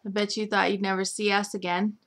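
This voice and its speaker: Bright-voiced chatty young woman. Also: medium pitch, flat delivery, brisk. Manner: chatty, giggly, filler-heavy recapping. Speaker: recap host. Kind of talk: casual chat.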